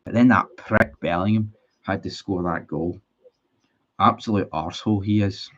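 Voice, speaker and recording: A man's voice: low voice, fairly even intonation, normal speed, fairly bright tone. A man hosting a casual livestream, talking bluntly and rambling, swearing freely and restarting his sentences. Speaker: livestream host. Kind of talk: casual livestream chat reading viewer comments. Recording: dull lo-fi stream audio.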